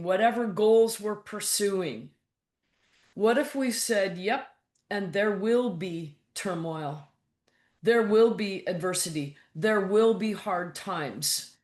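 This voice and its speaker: A woman with a mid-range voice, heard in a roomy space, appears as a guest on a casual interview. She's a mental toughness coach who talks frankly and bluntly, acting out her own thoughts in quotes and swearing now and then.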